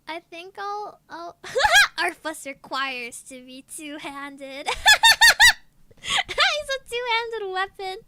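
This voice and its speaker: A young woman streams as a VTuber, chatting casually with her viewers in a giggly, gushing way and drawing out her exclamations. Her voice is very high-pitched, and there's background noise in the recording.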